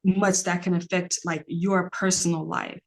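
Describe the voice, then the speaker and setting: A woman's voice: on the low side, level tone, unhurried. A woman, a podcast guest talking earnestly in a rambling casual way, with many fillers.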